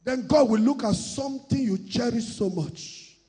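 A man preaching a sermon, shouting and half-singing in bursts, mocking others in put-on voices. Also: extremely high pitch, unhurried, husky, long reverb tail, soft background music.

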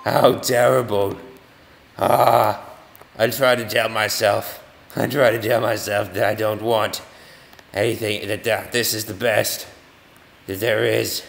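A gaming video host with a lowish, gravelly voice takes it slowly, keeping his tone level and leaving long pauses as he plays brain-training games. He rambles, jokes at his own expense, and restarts often in this goofy commentary. The audio has long reverb and faint music.

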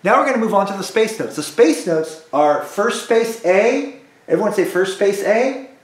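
Man, music teacher, high voice, slow and patient, echoey room. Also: lively intonation. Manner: slow, patient, repeats drills for kids. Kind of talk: call-and-response music lesson.

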